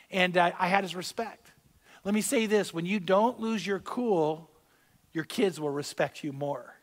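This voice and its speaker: A man preaching a sermon as pastor, speaking conversationally, repeating key phrases and swelling louder on his points. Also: high-pitched, measured pace, long reverb tail. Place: church sanctuary.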